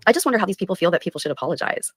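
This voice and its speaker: Defensive fast-talking woman streamer. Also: on the low side, lively intonation, slightly rough. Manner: defensive, tearful. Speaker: livestreamer. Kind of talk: live stream replayed.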